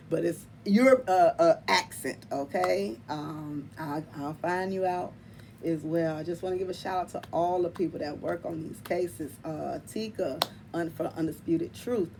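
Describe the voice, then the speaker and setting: A woman hosting her tarot channel, chatting casually to viewers in an animated, emphatic way, laughing often and calling them y'all and honey. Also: lowish voice, a little hiss or hum. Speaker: tarot reader and channel host.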